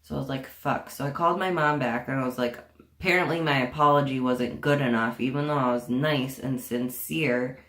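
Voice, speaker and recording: A woman's voice: extremely low pitch, brisk, a bit bright. Profane young woman in an echoey room. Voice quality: profane, indignant, sarcastic. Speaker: vlogger. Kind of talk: casual storytime chat.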